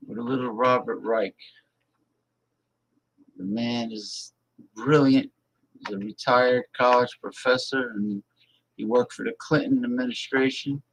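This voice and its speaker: A man's voice: mid-range voice, steady tone, measured pace, long pauses, a little hiss or hum, low-quality recording. A man hosting a casual political livestream, reading viewer messages aloud and speaking bluntly and emphatically, often repeating words for effect.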